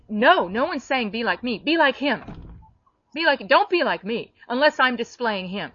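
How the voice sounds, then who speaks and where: A fairly high-voiced woman delivers a sermon, blunt and emphatic, with sudden sharp lifts when she voices others. The recording is dull and lo-fi, with a dry, close sound and no room around it. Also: sing-song, moderate pace, dry recording. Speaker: preacher. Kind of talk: sermon-style teaching.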